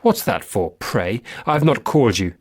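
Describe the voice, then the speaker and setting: A man's voice: medium pitch, very animated, measured pace, no room sound, studio quality. A man voicing an imperious, irritable old woman who commands her household in a haughty, petulant way. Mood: cold, imperious.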